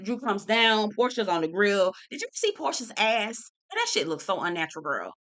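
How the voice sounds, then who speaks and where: A woman reviewing a reality show in a casual vlog, talking in a sassy, blunt and profane way. Her voice is bright and sharp-edged, and she tosses "girl" into nearly every line. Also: mid-range voice, sing-song, normal speed.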